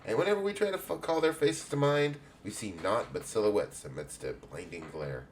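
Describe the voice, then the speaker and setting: A man's voice: fairly low pitch, animated, moderate pace, slight background noise, pitched above the performer's own voice. A man voicing a stately, motherly woman who heads an adventurers' guild, in a put-on English accent and grand, old-fashioned speech while reading game dialogue aloud.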